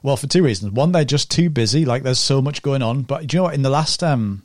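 Male podcast host, rapid enthusiastic delivery, dry close-miked sound. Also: mid-range voice, no room sound. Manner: fast, rambling, enthusiastic with restarts. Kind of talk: interview podcast chat.

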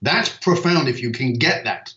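A man who works as a purpose coach, talking in a relaxed podcast conversation and telling stories with emphasis and casual swearing. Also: medium pitch, normal speed. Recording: echoey, slightly dull sound.

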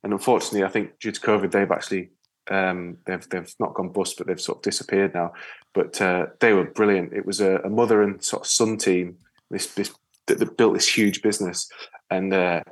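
Man with a low voice. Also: brisk. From Yorkshire, England. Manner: storytelling, lively, animated re-enactments. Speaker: guest, ocean rower. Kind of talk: casual interview chat.

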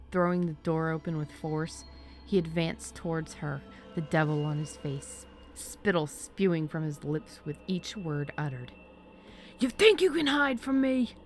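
A woman narrating a spooky story, often dropping into a hushed, breathy half-whisper. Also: low voice, slight background noise.

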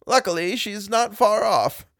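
A man's voice: high voice, a little slow, creaky, no room sound, studio quality, pitched above the performer's own voice, exaggerated voice. A man doing a stern old priest. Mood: grave. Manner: commanding, shouts in anger. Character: stern old Taoist priest, quick to rage.

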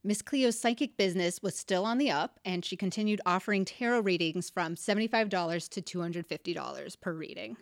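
A woman's voice: fairly low pitch, fairly quick, few pauses, dry recording, studio quality. A young woman co-hosting a podcast in casual chat, telling a story with asides and laughs. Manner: chatty storytelling, reads out facts with asides and laughs. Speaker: podcast co-host.

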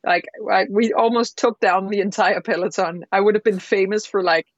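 Woman chef rambling thru a story on a podcast, mid pitch, kinda dull lo-fi sound, dry. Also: normal speed, no room sound. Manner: animated, rambling storyteller with many fillers. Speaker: professional chef, guest. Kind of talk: casual interview storytelling.

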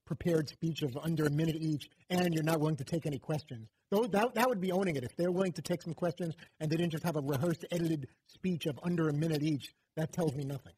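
A man's voice: on the high side, fast, few pauses, darkish tone, breathy edge, poor audio. A man on a sports radio show making a pointed, skeptical argument. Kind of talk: sports talk radio discussion.

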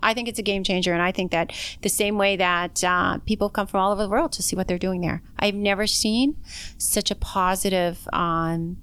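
Middle-aged woman doctor from Canada, frank and plain-spoken, smooth clear voice. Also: mid-range voice, fairly even intonation, normal speed, fairly bright tone. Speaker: doctor, interview guest. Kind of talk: casual interview chat.

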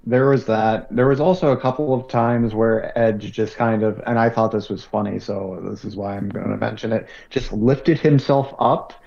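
Deep-ish podcast dude recapping wrestling from notes, slow and measured, muffled audio. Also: male voice, fairly even intonation, gravelly, a little mellow. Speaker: podcast co-host.

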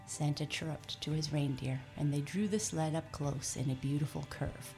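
A woman narrating a storybook in a gentle, measured way. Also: low voice. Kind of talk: storybook reading. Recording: faint music under voice.

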